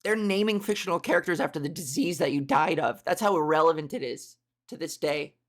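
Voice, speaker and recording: A woman podcast host doing a comedic monologue, crude and animated, acting out little scenes. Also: low-pitched, brisk. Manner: animated, crude, acts out voices.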